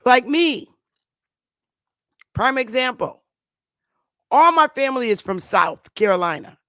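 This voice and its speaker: This Connecticut talk show host, a woman in her fifties, speaks slowly with a slightly high, somewhat bright voice and big swings in pitch. She lectures viewers in a repetitive, emphatic way, stretching out words, and there's no room sound.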